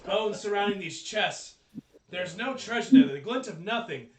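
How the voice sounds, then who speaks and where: A man's voice: high-pitched, moderate pace, distant mic, a crowd in the background. A man narrating a tabletop game as its game master, his voice rising and falling all over the place. He swears freely and stumbles over fillers as he describes the scene. He sounds a good way off the mic in an echoey room. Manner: profane, excitable, hesitant with fillers.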